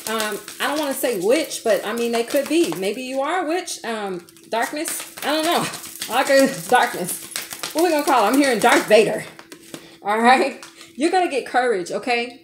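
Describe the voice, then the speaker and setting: A woman with a high, bright-sitting voice reads tarot cards aloud, pressing her points with repeated okays and pet names like baby and honey. The sound is roomy and echoey. Faint household noise hums underneath. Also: animated, moderate pace. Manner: coaxing, emphatic, calls listener baby and honey. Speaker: tarot reader. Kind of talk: tarot reading monologue.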